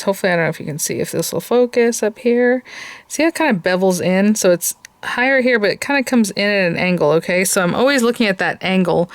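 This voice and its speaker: A woman's voice: medium pitch, clean tone, dry recording. A woman hosting a casual crafting tutorial, chatty and thinking aloud as she works. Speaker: crafting host.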